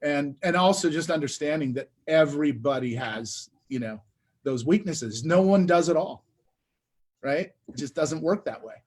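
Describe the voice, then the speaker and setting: A man, a real estate investor, telling his story in a casual interview, animated and full of restarts. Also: on the high side, moderate pace, breathy edge. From Detroit area. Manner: animated, lots of restarts and filler.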